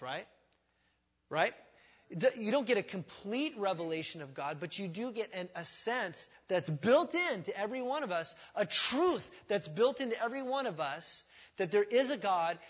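A man's voice: high-pitched, husky. A man preaching a sermon in a conversational way, with rhetorical questions, asides and self-deprecating humor. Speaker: pastor.

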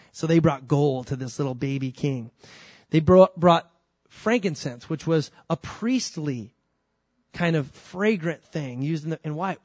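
Recorded with no echo, a man with a somewhat high voice preaches a sermon in a lively, conversational manner. He swings from loud emphasis to quiet asides and mixes in humorous remarks.

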